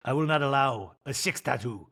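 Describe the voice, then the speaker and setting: A man hosting a comedic TV recap podcast, talking in an animated, sarcastic, riffing way. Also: mid-range voice, brisk. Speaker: podcast host.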